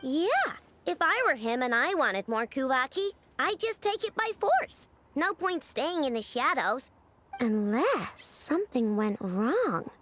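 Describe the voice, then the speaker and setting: A woman's voice: high voice, big pitch swings, measured pace, fairly bright tone, heavily acted. A woman voicing Paimon, a tiny floating female companion who talks in a dramatic, childlike and exaggerated way for a game. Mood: pondering. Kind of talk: game voice acting.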